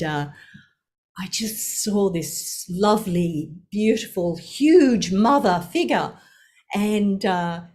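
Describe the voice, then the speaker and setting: A woman's voice: mid-range voice, darkish tone. An older woman sharing a personal story, laughing often and acting out the voices in her quotes.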